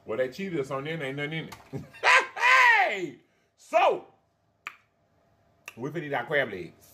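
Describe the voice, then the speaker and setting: A man's voice: a little high, animated, moderate pace, fairly bright tone. A man hosting a mukbang vlog, chatting casually to viewers while eating, calling them y'all and honey, with frequent mm sounds between bites. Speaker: mukbang vlogger.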